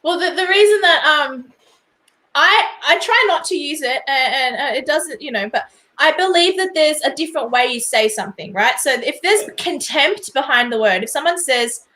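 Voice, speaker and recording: A woman with a high, bright voice hosts a loose live-stream chat, speaking bluntly and animatedly. She trips over her words and restarts often. The sound carries a noticeable room echo. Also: moderate pace. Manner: animated, blunt, laughs along, stumbles and restarts. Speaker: host. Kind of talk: casual live-stream interview.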